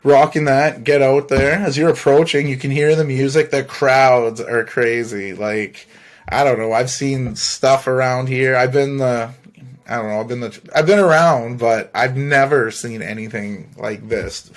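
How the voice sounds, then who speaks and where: A man's voice: medium pitch, steady tone, a little slow. A man hosting a podcast, telling a long personal story in a loose, rambling way, swearing freely and laughing between phrases. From Canada. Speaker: podcast host. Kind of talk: casual storytelling monologue.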